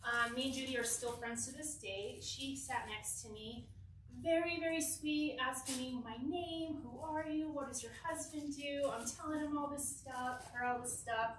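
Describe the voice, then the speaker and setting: A young woman from Southern California telling a lively, giggly personal story to a church youth group, acting out the quotes. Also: high voice, moderate pace, recorded from a distance, a little hiss or hum. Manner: animated, giggly, acts out quotes. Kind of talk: casual storytelling talk. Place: church hall. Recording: echoey hall, mic from afar.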